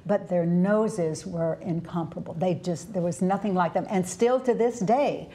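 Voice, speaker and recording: A woman's voice: on the low side, moderate pace. A middle-aged woman hosting a television talk show about dogs, chatting casually with restarts as she tells stories. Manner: chatty, warm-hearted storytelling about dogs with frequent restarts. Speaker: TV show host. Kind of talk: casual interview chat.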